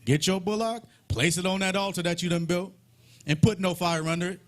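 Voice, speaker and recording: A man's voice: sits high, steady tone, brisk. A man leading a live Bible study, retelling scripture in a folksy, humorous way with playful mockery.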